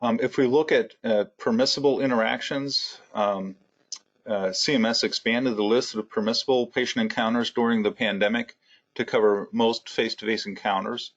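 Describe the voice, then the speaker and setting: A man's voice: mid-range voice, steady tone, moderate pace. A man hosting a healthcare webinar, talking conversationally with plenty of fillers and a dry sense of humor. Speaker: webinar host, healthcare consultant. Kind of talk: webinar discussion. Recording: dull, muffled audio.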